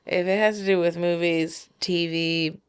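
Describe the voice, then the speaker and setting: A woman co-hosting a casual podcast chat, playful and quick to giggle as she tells stories. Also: fairly low pitch, fairly even intonation, clear, resonant tone. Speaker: podcast co-host.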